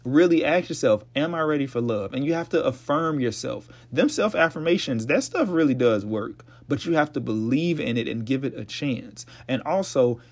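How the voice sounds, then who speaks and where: A young man talks straight into his own podcast, slightly hoarse as he hands out blunt, profane advice. He sounds preachy but casual, his voice sitting at an ordinary middle pitch. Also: animated, moderate pace, few pauses. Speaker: podcast host.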